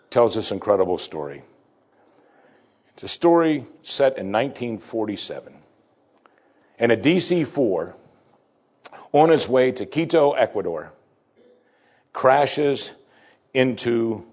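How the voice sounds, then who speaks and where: A man with a fairly low voice delivers a sermon to his congregation. He tells a story with deliberate dramatic pauses, and he slows down to stress the lines that matter. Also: a little mellow. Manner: emphatic, slows for key phrases. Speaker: pastor.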